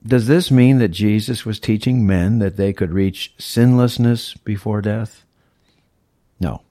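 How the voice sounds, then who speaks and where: A man's voice: lowish voice, measured pace, warm tone, dry recording, studio quality. A male pastor preaching a sermon, teaching verse by verse in an emphatic, explaining way. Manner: teacherly, emphatic, walks through scripture verse by verse.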